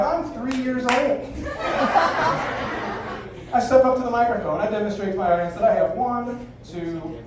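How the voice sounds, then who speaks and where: A man in his forties works a live bar crowd as a magician, his voice sitting high for a man. His patter is brash, theatrical and salty. The sound is heavily echoey, picked up from well off the mic with a faint hiss behind it. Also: recorded from a distance. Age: 40s. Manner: brash, profane, theatrical showman. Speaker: stage magician. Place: live bar venue stage.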